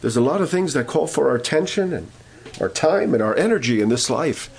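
A man's voice: mid-range voice, animated, fairly quick, gravelly, a little mellow, husky. A man preaching a sermon, telling a story with many fillers and restarts, then rising to emphatic points.

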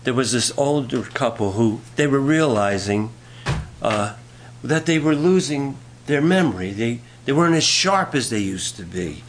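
A man's voice: mid-range voice, expressive, moderate pace, slight background noise. A male pastor preaching a sermon in a folksy way, telling jokes and reading scripture aloud.

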